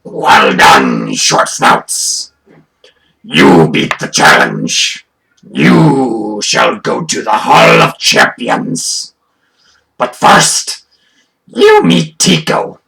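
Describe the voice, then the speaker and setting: A man voicing a loud, bossy kobold ringleader who announces to a crowd in slow, drawn-out bellows. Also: fairly low pitch, huge pitch swings, vocal fry, full character voice. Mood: boisterous.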